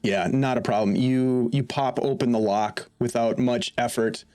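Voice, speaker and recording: A man's voice: medium pitch, steady tone, normal speed, warm tone, soft background music. A man running a tabletop game as game master, describing scenes and calling for rolls.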